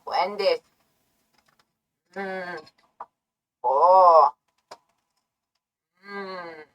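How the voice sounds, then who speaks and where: A woman streamer doing chaotic ASMR trolling, playful and nonsensical, swinging from soft murmurs to sudden shouts. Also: on the low side, extremely slow, muffled recording.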